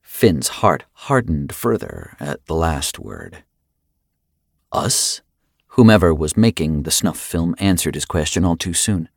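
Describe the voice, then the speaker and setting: A man with a very deep voice reading an audiobook in a grave, measured style. The recording is dry and close, with no room sound. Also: dry recording. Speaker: audiobook narrator. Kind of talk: scripted narration.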